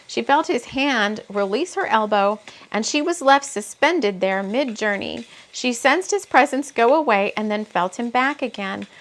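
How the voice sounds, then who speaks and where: A woman does a casual intuitive reading, reading from her own book and wandering off into asides as she thinks aloud. Her voice sits a little high with a noticeable gravelly fry. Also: moderate pace, few pauses, a bit bright. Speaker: intuitive reader and author.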